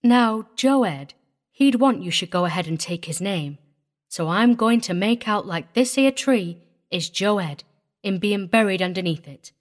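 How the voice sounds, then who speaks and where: A woman's voice: medium pitch, lively intonation, natural voice. Old country preacher read by a woman, humble and solemn, folksy drawl, slightly raised voice. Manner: folksy rural dialect, slow and solemn.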